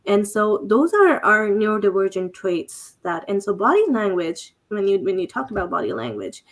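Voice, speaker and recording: A woman hosting a livestream panel chat, speaking hesitantly with frequent pauses and fillers. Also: medium pitch, big pitch swings. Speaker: host.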